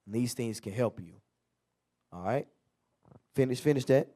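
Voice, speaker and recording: A man's voice: medium pitch, moderate pace, mellow. A man leading a Bible class in a loose, conversational preaching manner, acting out everyday quotes. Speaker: teacher. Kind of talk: street-style Bible class teaching.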